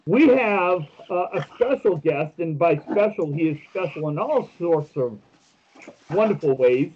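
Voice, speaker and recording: A man's voice: fairly high pitch, lively intonation, measured pace, lo-fi sound, a little hiss or hum. A man co-hosting a casual podcast, telling jokey stories with lots of fillers and restarts. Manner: joking storyteller with many fillers. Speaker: podcast co-host.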